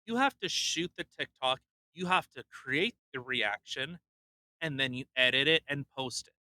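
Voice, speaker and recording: A young man co-hosting a podcast, ranting bluntly in casual chat, swearing and mocking people with quick impressions. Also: mid-range voice, animated, pushed and bright, dry recording. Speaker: podcast co-host.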